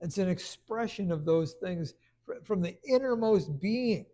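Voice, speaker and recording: A man preaching a conversational sermon, stumbling over restarts and then rising into loud bursts of emphasis. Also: sits high, animated, unhurried.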